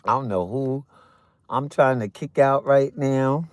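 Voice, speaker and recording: Recorded cleanly in a studio with no room sound, this host speaks in a mid-range voice at a measured pace. It's a morning livestream, and they eat breakfast while chatting with viewers, tossing out sassy, playful remarks between bites.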